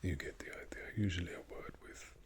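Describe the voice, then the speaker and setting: A man giving a whispered ASMR talk, speaking in a soft unvoiced whisper, an unhurried explainer who often doubts himself. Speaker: ASMR creator.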